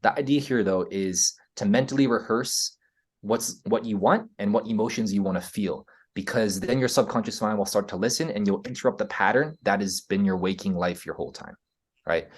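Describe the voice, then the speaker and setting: Earnest American man explaining, lowish voice. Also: fairly quick, husky. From United States. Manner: earnest, explaining, frequent "right?" tags and restarts. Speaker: podcast guest. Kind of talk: casual interview talk.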